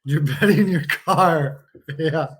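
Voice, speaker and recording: A man's voice: on the high side, takes it slowly, fairly bright tone. A man hosting a casual hockey watch-along stream, joking, laughing often and swearing freely. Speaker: livestream host.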